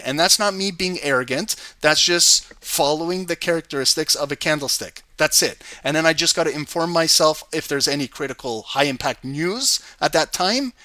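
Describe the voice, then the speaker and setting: A man hosting a live trading stream, giving energetic casual commentary on charts and talking to his viewers. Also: on the high side, moderate pace, few pauses, dry recording. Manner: energetic, swears and laughs, talks to chat by name. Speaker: trading livestream host.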